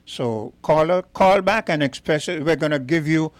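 A man hosting a radio talk show, measured and questioning, sometimes hesitant at the start. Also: on the high side, no echo.

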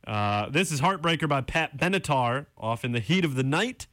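A man's voice: mid-range voice, normal speed, no echo, studio quality. Young man ranting on college radio. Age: young adult. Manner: animated, exasperated ranting. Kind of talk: casual on-air rant and song intro.

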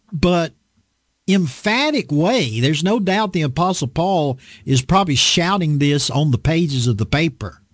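Lively, folksy preacher man. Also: on the high side, no echo, clean studio sound. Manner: folksy, emphatic, repeats phrases for effect. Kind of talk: conversational sermon.

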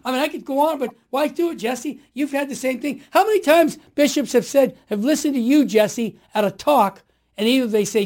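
A man in his sixties, a guest telling stories with passion and rising into forceful exhortation. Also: extremely high pitch, fairly quick. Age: 60s. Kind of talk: impassioned storytelling.

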